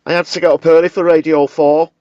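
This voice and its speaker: A man's voice: fairly high pitch, flat delivery, fast, warm tone, slight background noise, lightly acted. A man putting on a blunt, cocky Mancunian woman politician with a slangy, combative manner, in a comedy sketch. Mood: brash. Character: brash, blunt northern female deputy prime minister. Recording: dull, dry lo-fi recording.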